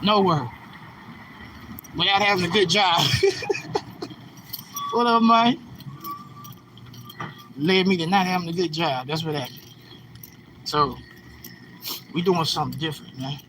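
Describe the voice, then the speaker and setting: A Californian man in his forties hosts a livestream, chatting to viewers in a slangy, preachy way. His fairly high voice comes at a measured pace with frequent pauses, sounding far from the mic since the phone is held away, with street noise around him.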